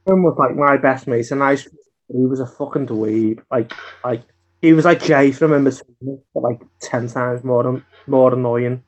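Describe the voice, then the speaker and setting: A man from Birkenhead with a Merseyside accent, swearing and filling his casual stories with "like" as he rushes bursts of words. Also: mid-range voice. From Birkenhead, England. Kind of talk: casual storytelling chat. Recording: dull lo-fi sound.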